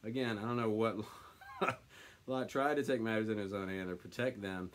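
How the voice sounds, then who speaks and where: A man leads a casual Bible study, reading scripture out slowly and then musing on it. He talks as he thinks, with plenty of ums and uhs between his thoughts. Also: on the low side, steady tone. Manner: thinks aloud with many fillers, reads slowly then comments.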